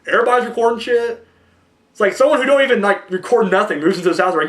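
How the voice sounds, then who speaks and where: A young man hosts a loose movie podcast, talking in a high voice that leaps around a lot. He rambles, swears freely, and acts out small scenes as he goes. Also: fast talker. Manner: rambling, profane, animated storytelling. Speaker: podcast host. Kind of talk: casual chat.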